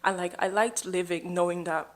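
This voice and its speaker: A woman's voice: on the low side, steady tone, moderate pace. A young woman telling a personal story to camera in a chatty, rambling way, leaning on "like" as she goes. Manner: chatty, rambling, heavy use of "like". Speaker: vlogger sharing a testimony.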